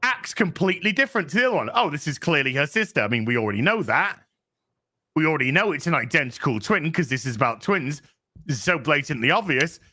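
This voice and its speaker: Man, podcast host, sarcastic profane rant, fairly high voice, tense and forceful. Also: very animated, fast. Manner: profane, sarcastic, exasperated, acts out characters' lines. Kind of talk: casual review rant.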